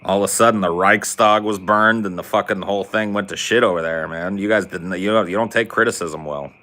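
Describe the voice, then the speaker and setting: A man's voice: on the low side, fairly quick, sharp tone. An American man hosting a podcast, ranting comedically in a sarcastic, profane way. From United States. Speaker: podcast host. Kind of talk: comedic rant.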